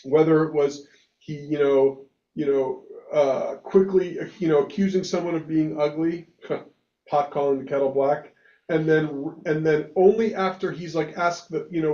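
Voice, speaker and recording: A rabbi leads a casual group discussion, his voice a little high and quick to rise in emphatic bursts. He restarts his sentences often as he works through a thought. The recording is dull and lo-fi, with a roomy echo around him. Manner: animated, emphatic, many restarts. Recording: echoey room, dull lo-fi sound.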